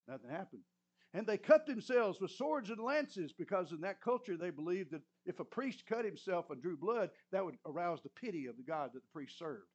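A man preaching a sermon, retelling a scripture story in an animated way and often clearing his throat. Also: high-pitched, normal speed. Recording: muffled lo-fi recording.

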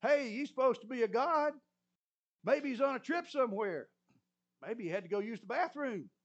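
A preacher doing a bold, mocking prophet. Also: male voice, sits high, moderate pace, pitched above the performer's own voice, close to an everyday voice. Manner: mocking, emphatic. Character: bold male prophet daring his rivals. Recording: muffled lo-fi recording.

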